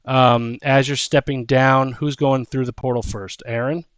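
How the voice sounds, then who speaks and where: A man's voice: mid-range voice, level tone, measured pace, clear, resonant tone, no echo. A man running a tabletop game as game master, narrating with frequent ums and restarts.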